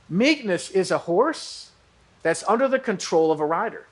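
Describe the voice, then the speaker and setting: Pastor, male, high-pitched voice, lively sermon delivery. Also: brisk. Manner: animated preaching, acting out listeners' reactions.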